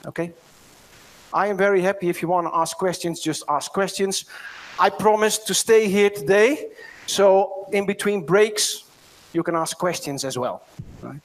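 Man, Dutch accent, high voice, middle-aged, keynote storyteller. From Netherlands. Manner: storytelling, asks the audience "right?" often. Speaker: keynote speaker. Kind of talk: conference keynote talk.

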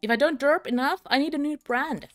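Her voice is high-pitched and fairly quick as this young British streamer plays a game and chats with her audience. She giggles a lot and is self-mocking, with soft background music.

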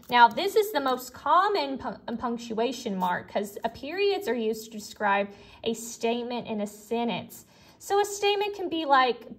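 Young female teacher, slightly high voice, friendly and explanatory for small kids, natural fillers and restarts. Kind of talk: recorded elementary classroom lesson.

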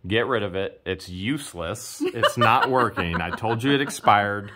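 A man's voice: on the low side, animated, normal speed, bright, forceful tone, a little hiss or hum. A man chatting casually and teasing as co-host while sorting through a storage unit. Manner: joking, teasing. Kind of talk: casual chat.

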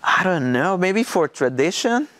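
This is a Mexican pastor giving his testimony in an interview, his English halting and non-native, with a Mexican Spanish accent and plenty of restarts and fillers. He speaks in a high, very animated, somewhat bright voice, and there's no echo.

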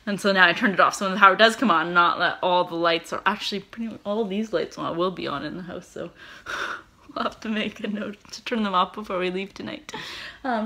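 A woman's voice: medium pitch, moderate pace, pushed and bright. A woman, chatting casually to camera at home in a rambling way with lots of fillers and giggles. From Canada. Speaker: vlogger. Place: home, indoors.

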